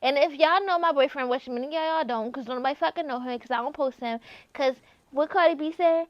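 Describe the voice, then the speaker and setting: Tipsy woman host, high voice, brash and profane, sings bits, dry slightly dull recording. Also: brisk, dry recording. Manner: loud, playful, swears freely, breaks into singing. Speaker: podcast host. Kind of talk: casual solo podcast chat.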